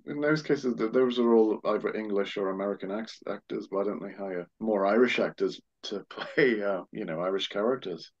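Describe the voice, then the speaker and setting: A man co-hosting a podcast, talking films in a measured, thoughtful way. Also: on the low side. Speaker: podcast co-host. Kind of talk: casual film discussion. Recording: dull lo-fi audio.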